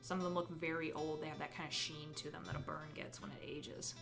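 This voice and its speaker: A woman narrating a tabletop game as game master, relaxed with many hesitant fillers. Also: low-pitched, brisk, soft background music.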